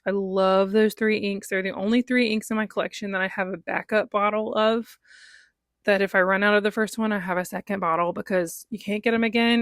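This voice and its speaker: A woman still recovering from a cold vlogs about her fountain pen inks in a casual show-and-tell, chatting with lots of ums and small laughs. Her voice is mid-range, and the recording has no echo.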